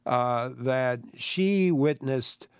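A man's voice: mid-range voice, drawn-out words, clear, resonant tone, no echo, studio quality. A man hosting a radio call-in show, reading listener emails in a conversational way. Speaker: radio host. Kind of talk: radio interview.

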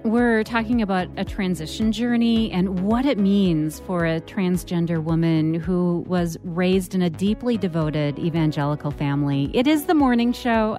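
A woman hosting a public radio call-in show, reading prompts calmly and clearly and interviewing a guest. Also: medium pitch. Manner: calm, clear, scripted prompts. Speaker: radio host.

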